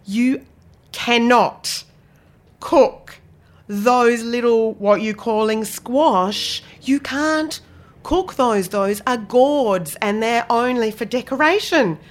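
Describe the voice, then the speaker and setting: A woman's voice: on the high side, slow pace. An Australian woman quoting her amused woman friend, who speaks in an incredulous, emphatic way.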